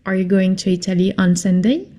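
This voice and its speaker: A woman teaching a French lesson in English, speaking slowly and patiently and repeating phrases for her learners. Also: mid-range voice, steady tone, mellow. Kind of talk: slow classroom lesson.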